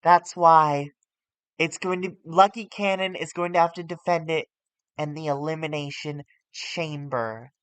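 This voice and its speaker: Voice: mid-range voice, fairly even intonation, measured pace, a bit bright, clear, resonant tone, no echo, lightly acted. A streamer voicing an authoritative male wrestling general manager making an announcement, in a casual quote during a game stream. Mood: announcing.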